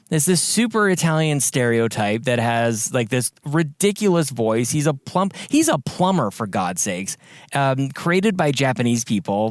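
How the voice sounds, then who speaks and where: Lively, chatty man on a podcast. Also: mid-range voice, clear, resonant tone, no room sound, studio quality. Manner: animated, chatty, lots of filler words. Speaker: podcast co-host. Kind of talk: casual chat.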